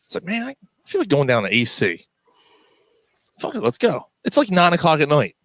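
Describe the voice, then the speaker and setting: A man's voice: moderate pace, no room sound. A man hosting a podcast, telling a story in casual chat and acting out the quotes. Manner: animated, acts out quotes with pitch jumps. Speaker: podcast host.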